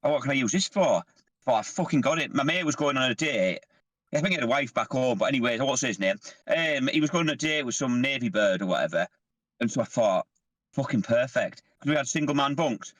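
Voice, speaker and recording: A man's voice: medium pitch, animated, fast talker, a bit bright, no echo. A man, a podcast host, telling sweary army stories in casual chat. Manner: sweary, laughing storyteller.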